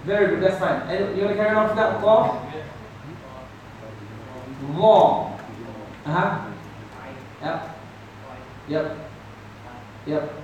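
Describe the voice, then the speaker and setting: A high-voiced man teaches a class, calling out sounds and waiting for students to echo them back. His voice rings through an echoey room, picked up from a distance, with the murmur of a group around him. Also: slow pace, long pauses, darkish tone, muffled recording. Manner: patient, drills students call and response. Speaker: Quran teacher. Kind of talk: classroom tajweed lesson. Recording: echoey room from far off, crowd noise.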